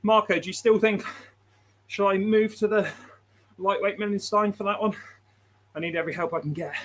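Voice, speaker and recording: A man's voice: high-pitched, flat delivery, a little fast, a bit bright. A man hosting a livestream, chatting casually, laughing often and reading out viewer messages. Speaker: livestream host.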